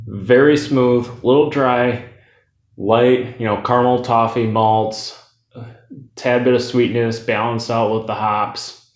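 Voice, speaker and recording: A man's voice: medium pitch, steady tone, slow pace, reverberant. A man casually reviewing a beer, chatty and loose, drifting into tangents with lots of fillers.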